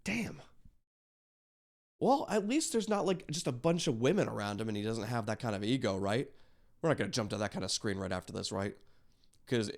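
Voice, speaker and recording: A man's voice: on the low side, fast talker, creaky. Rambling, swearing male reaction host. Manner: rambling, swears often, frequent fillers. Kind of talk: casual reaction commentary.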